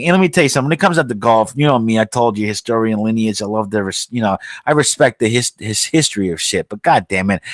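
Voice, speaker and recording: A man's voice: a little high, fairly bright tone, no room sound. A man hosting a podcast, ranting in a heated, profane and outraged way. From United States. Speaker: podcast host.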